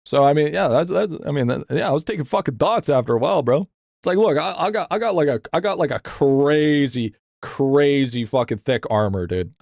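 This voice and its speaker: A man's voice: fairly quick, creaky, dry recording. Profane, rambling young male streamer, dry. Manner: profane, rambling, repeats himself with stammered restarts; animated, voice jumps higher when venting. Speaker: game streamer. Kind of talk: casual live-stream rant, reading chat.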